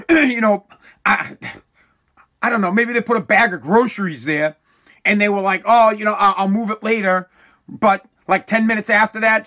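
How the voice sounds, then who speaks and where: A man's voice: sits high, pushed and bright. A middle-aged father ranting in a casual comic way, exasperated and profane, often repeating himself. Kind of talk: casual comedic rant.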